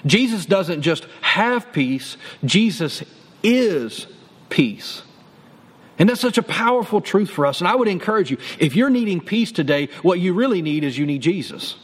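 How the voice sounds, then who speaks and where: A man's voice: high-pitched, lively intonation, fairly quick, hardly any pauses, husky, long reverb tail. A man preaching a sermon in an earnest, encouraging way, repeating key phrases for emphasis. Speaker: pastor.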